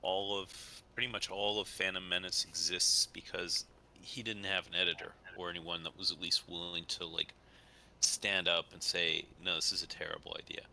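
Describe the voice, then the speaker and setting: A man's voice: deep voice, little pitch movement, normal speed, creaky, sharp tone, slight background noise, rough recording. A man co-hosting a casual podcast as the editor, making blunt, dry interjections. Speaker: co-host and editor.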